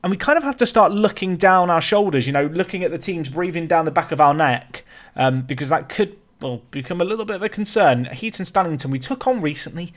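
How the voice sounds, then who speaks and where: Young guy doing casual football game commentary, slightly high voice, chatty and animated, keeps tripping over words. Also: brisk. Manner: chatty and animated, mock outrage, stumbles and repeats words. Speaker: let's-play host.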